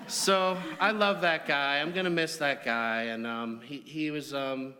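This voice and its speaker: A man's voice: fairly high pitch, unhurried, sharp tone. Man telling funny stories in a reverberant hall. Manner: humorous, anecdotal storytelling. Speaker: eulogy speaker. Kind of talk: memorial eulogy.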